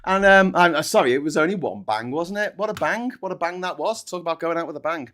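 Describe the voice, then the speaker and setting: A man's voice: on the high side, animated, quick pace, few pauses, fairly bright tone. A man hosting a casual political chat show, sarcastic and mocking, swearing freely. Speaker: political commentary host.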